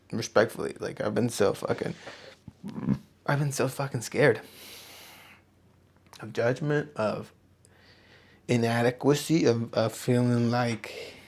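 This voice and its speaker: Gravelly young man rambling to camera. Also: medium pitch, darkish tone. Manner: rambling, profane, self-reflective. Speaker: podcast host. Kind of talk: casual solo talk to camera. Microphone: camera on a small tripod.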